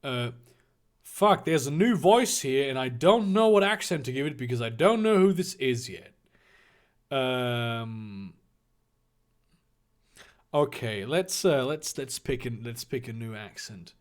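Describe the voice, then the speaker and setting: A man's voice: mid-range voice, expressive, takes it slowly, pauses often. A man giving a comedic reading, full of profane, rambling asides. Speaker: comedic reader.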